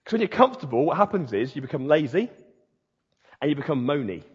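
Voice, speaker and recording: A man preaching a sermon as the pastor, rousing and punchy, dropping low and quiet and then building up loud with repeated phrases. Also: very animated, quick pace, husky. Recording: dull sound with long hall reverb.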